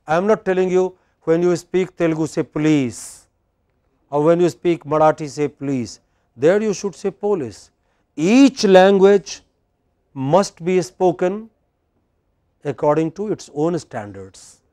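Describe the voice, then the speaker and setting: A man's voice: fairly high pitch, warm tone, no echo. A middle-aged man with an Indian English accent, giving a classroom lecture on pronunciation and quizzing students as he drills words.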